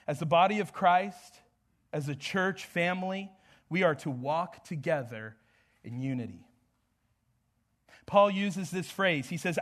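High-voiced joking pastor preaching. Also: male voice, unhurried, pauses often. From American Southwest. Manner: joking, conversational preaching, laughs often. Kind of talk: sermon.

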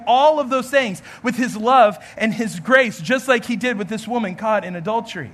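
A man's voice: very high voice, moderate pace, hardly any pauses, a bit bright. A man, a pastor, giving an earnest storytelling sermon and acting out the voices in the story.

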